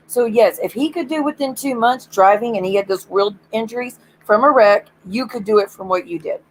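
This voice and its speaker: A woman's voice: a little high, brisk, slight background noise, low-quality recording. A woman streamer ranting bluntly and swearing in casual stream chat.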